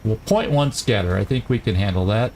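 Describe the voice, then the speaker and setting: A man hosting a let's-play, chatting casually and thinking aloud as he plays, quick to laugh. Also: fairly low pitch, lively intonation. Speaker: gaming channel host.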